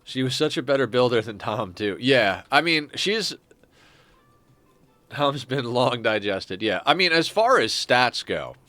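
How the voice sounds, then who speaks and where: Bright-toned man rambling over gameplay. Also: medium pitch, expressive, measured pace, no echo, faint music behind. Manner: rambling, thinks aloud with many "uh" restarts. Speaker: game streamer. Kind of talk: casual gameplay commentary.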